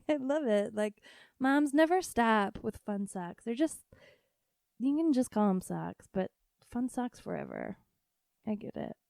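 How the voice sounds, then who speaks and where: A woman's voice: a little high, very animated, unhurried, creaky, pauses often, a little mellow, no room sound, clean studio sound. Frank, laughing woman podcast host. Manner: frank, profane, laughing often. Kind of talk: casual solo podcast chat.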